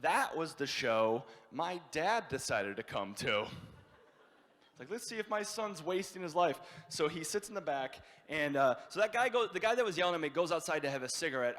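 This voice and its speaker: Animated Midwestern stand-up comedian man. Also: on the high side, brisk, big-room sound. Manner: animated storytelling, acting out yelling characters. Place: comedy show venue.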